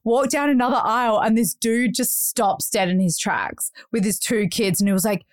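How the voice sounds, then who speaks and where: A woman in her thirties tells road-trip stories on a podcast with animated energy, laughing as she goes and acting out the people she met. Her voice sits a little high, and the recording is dry and close. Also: normal speed, no room sound. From Australia. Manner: animated storytelling, laughs often, acts out voices. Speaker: podcast host. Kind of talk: casual chat.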